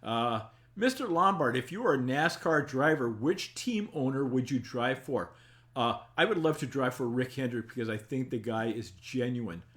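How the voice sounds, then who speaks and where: A man's voice: mid-range voice, animated, normal speed, a bit bright. An older man in the middle of his voice range chats casually on a live stream. He reads viewer comments aloud and answers them in a folksy, rambling way, with small chuckles along the way. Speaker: talk show host reading live chat.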